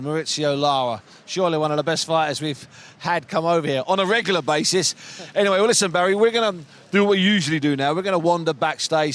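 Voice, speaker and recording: A man's voice: a little high, fairly bright tone. A man hosting a boxing podcast, chatty and emphatic, rambling between topics. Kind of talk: lively ringside radio chat.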